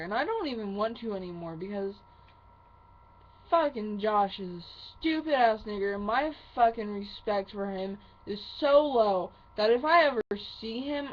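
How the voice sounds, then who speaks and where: A woman vlogger venting angrily to the camera, swearing heavily in halting, drawn-out phrases. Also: a little high, muffled recording. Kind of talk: angry venting monologue to camera.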